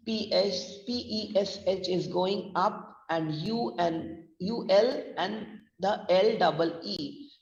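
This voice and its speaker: Her mid-range voice is creaky and a little mellow as she explains stress and spells words letter by letter in an online pronunciation lesson. She has an Indian English accent, and the audio is dull, distant, and roomy.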